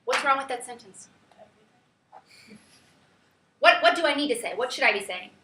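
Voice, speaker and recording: A high, bright woman's voice leads a classroom lesson, lively and chatty. She keeps checking in with the class. The sound is roomy and distant, as if caught by a camera across the room. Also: quick pace, slight background noise. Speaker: teacher.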